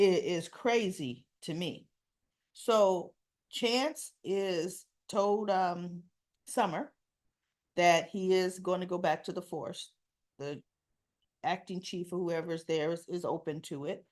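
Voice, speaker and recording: A woman hosting a casual spoken soap opera recap, telling it in an animated, opinionated way and acting out the characters' lines. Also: lowish voice, slow pace. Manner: acts out characters' dialogue.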